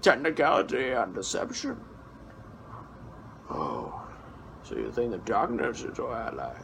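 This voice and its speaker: A cold, imposing masked villain, as a man puts him on, speaks in a slow, muffled, deep whisper. The voice is gravelly, with a faint hiss behind it. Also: wildly swooping pitch, fairly bright tone, exaggerated voice. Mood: menacing.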